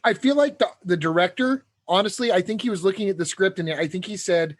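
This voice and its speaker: A man from California co-hosting a movie podcast, joking wryly with quick quips. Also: high-pitched, no room sound. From Redlands, California. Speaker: podcast co-host. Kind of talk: casual movie podcast chat.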